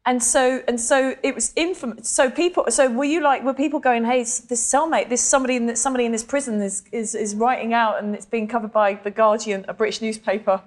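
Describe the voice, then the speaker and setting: A woman's voice: fairly high pitch, fairly even intonation, a little fast, hardly any pauses. A woman interviewing a guest, asking eager follow-up questions and laughing often. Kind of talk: casual interview.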